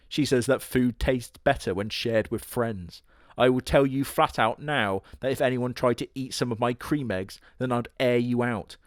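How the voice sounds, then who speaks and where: A man doing comedic anime review narration in a sarcastic, crude, deadpan manner. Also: medium pitch, no echo, studio quality. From Britain.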